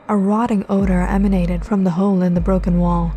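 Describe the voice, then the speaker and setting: Woman narrator, scripted horror tale, even mid pitch, music bed. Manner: steady, measured storytelling. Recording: loud music behind.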